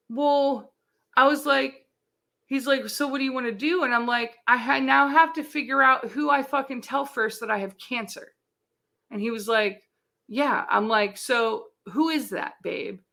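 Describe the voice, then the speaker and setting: A woman's voice: fairly high pitch, moderate pace, creaky, bright, forceful tone. A woman in her forties telling a personal story candidly on a video call, swearing freely and acting out the dialogue. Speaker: interview guest.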